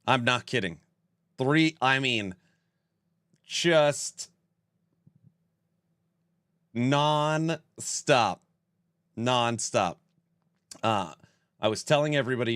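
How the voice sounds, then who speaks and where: A man's voice: mid-range voice, a little slow, fairly bright tone, clear, resonant tone, dry recording, clean studio sound. A man in his forties hosting a casual livestream and reading chat aloud. He sounds stuffed up and worn out and talks in a rambling, self-mocking way. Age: 40s. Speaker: streamer host.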